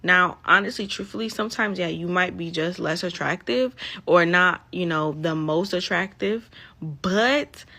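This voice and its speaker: Woman, gravelly edge, bright tone, blunt opinions, casual to camera. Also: on the low side, moderate pace. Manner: blunt, advice-giving. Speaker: commentator.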